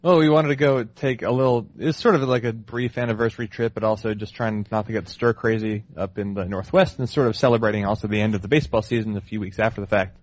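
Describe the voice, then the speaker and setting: A man's voice: fairly low pitch, fairly even intonation, quick pace, few pauses, dry recording, dull audio. A man co-hosting a casual chat, articulate and musing at length about words. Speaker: podcast co-host.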